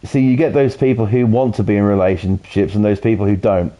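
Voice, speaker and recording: British guy streaming, low mellow voice, swears a lot and rambles, kinda dull lo-fi mic. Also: a little fast. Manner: rambling, heavy swearing, lots of "you know". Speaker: game streamer. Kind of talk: casual stream chat while playing. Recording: dull lo-fi audio.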